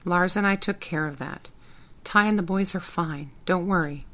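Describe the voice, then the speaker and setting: A calm female spy and loyal friend, voiced by a woman, patient and matter-of-fact. She talks in a low, even register. She is part of an audiobook reading. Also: normal speed, natural voice.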